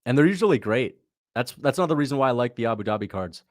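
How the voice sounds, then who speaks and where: With a mid-range voice and lively intonation, a young man hosts a livestream where he reacts to fights. He's loose and chatty, quick to laugh, thanking viewers and reading out donations; the studio-quality audio has no echo.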